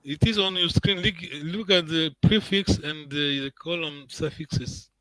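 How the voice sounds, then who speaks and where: A man's voice: a little high, measured pace, fairly bright tone, dry recording, rough recording. A man teaching an online language class, patient and encouraging, repeating words and checking in with his students.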